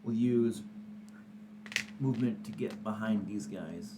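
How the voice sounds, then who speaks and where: A man takes his turn in a tabletop game with brash, joking trash talk. Clear background noise runs under his voice. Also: fairly low pitch, slow pace. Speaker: player.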